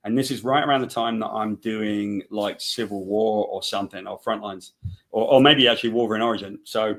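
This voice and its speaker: A man's voice: lowish voice, fairly quick. A man, a guest writer, telling a funny anecdote in casual chat, acting out the quotes. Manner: animated anecdote teller, acts out quotes. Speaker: guest, comic book writer.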